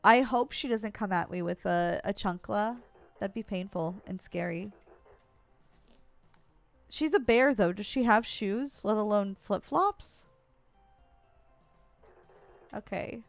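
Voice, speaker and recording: A woman's voice: mid-range voice, measured pace, vocal fry. A woman streamer giving playful, chatty commentary while playing a video game. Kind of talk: casual gameplay commentary.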